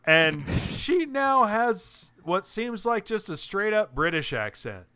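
Bright clear-voiced guy cohosting a podcast, rambly, lots of restarts. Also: sits high, very animated, takes it slowly, dry recording. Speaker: podcast co-host. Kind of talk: casual chat.

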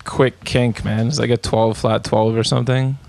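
A man's voice: medium pitch, level tone, moderate pace, gravelly, darkish tone. A man hosting a podcast, chatting in a laid-back way and swearing casually. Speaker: podcast host. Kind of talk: casual chat.

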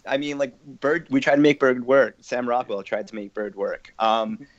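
A man's voice: medium pitch, flat delivery, normal speed, no echo. A man hosting a casual group discussion, chatty and laughing often as he leads the talk. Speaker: podcast host. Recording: dull, dry lo-fi audio.

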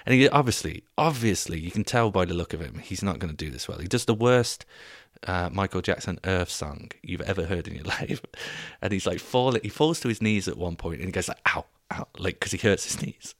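A young man hosting a podcast, telling stories in a casual, animated, comedic way, swearing and laughing as he goes. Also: sits low, a little fast, dry recording, studio quality. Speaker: podcast host.

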